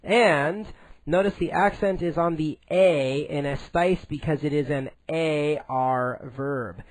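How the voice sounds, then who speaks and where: A man teaching a recorded Spanish grammar lesson in English, explaining slowly and deliberately with frequent "uh" fillers. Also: fairly high pitch, no echo, poor audio.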